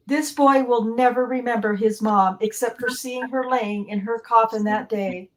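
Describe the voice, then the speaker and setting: A woman's voice: on the high side, fairly even intonation, measured pace, rough recording. Grieving mother reading in court. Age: middle-aged. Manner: grieving, bitter, reads a prepared speech. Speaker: victim's mother giving impact statement. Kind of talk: courtroom victim impact statement.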